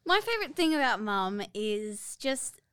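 A woman's voice: fairly high pitch, sing-song, measured pace, fairly bright tone, clear, resonant tone, dry recording, clean studio sound. A young woman co-hosting a podcast, speaking sincerely about her mother in a casual chat. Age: young adult. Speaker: podcast co-host.

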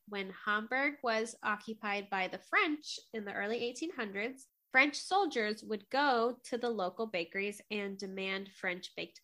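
A woman co-hosting a baking podcast, cheerful and quick to laugh, sometimes reading out background notes. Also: medium pitch, pushed and bright. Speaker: podcast co-host. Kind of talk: casual chat and read-out segment intro.

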